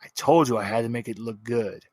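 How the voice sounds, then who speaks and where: A man's voice: medium pitch, fairly quick, darkish tone, no echo, natural voice. A man puts on a smug cyborg fixer in a tabletop game, teasing and playful, calling everyone big boy. The voice sits mid-range and sounds close and dry, with no room around it. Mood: reassuring. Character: smooth cybernetic male fixer, cocky and playful.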